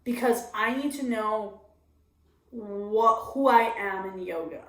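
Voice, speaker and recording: Speaking slowly in a medium-pitched voice, a female comedian opens up candidly during an interview. She's confessional and animated, giving voice to her inner thoughts, and the room is echoey.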